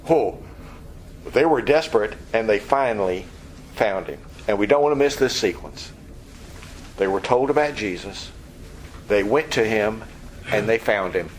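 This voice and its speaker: Man, pastor, bible teaching, animated storytelling, slight background hiss. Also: on the high side, normal speed, poor audio. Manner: animated, acts out scenes.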